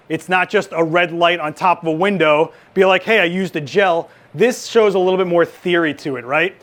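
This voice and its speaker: High-voiced man teaching a live demo. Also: a bit bright. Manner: chatty, joking, rapid asides. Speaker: photography instructor. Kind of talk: live lighting workshop demo.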